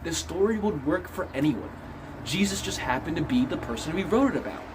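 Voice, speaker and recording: A man with a slightly high voice talks through a film in a loose, casual way, swearing freely as he retells the scenes with feeling. A faint steady noise sits under his voice. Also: a little fast. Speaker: movie reviewer. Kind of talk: casual film review monologue.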